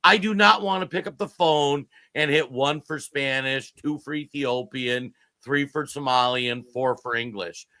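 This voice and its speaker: A man's voice: mid-range voice, measured pace, few pauses, pushed and bright, dry recording. A man co-hosting a political podcast, talking in an emphatic, exasperated way. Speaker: podcast co-host. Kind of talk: heated political podcast talk.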